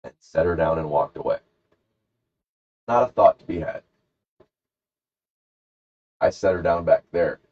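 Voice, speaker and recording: A man's voice: low voice, measured pace, long pauses. A man co-hosting a podcast who tells a rambling, jokey story in casual chat. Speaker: podcast co-host. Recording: dull lo-fi podcast recording.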